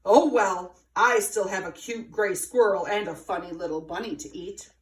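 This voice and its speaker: A woman's voice: medium pitch, normal speed, far from the mic, natural voice. A woman voicing a greedy male fox in a storybook, muttering and growling his lines, recorded in a roomy space away from the mic. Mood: gloating. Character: big red fox, male, greedy, gruff. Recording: roomy, from afar.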